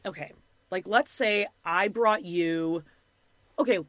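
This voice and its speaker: A woman co-hosting a podcast, recapping a reality show in casual chat, animated and blunt, swearing freely and acting out other people in quick impressions. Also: mid-range voice, dry recording. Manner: animated, mimics people in quotes, blunt and profane. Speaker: podcast co-host.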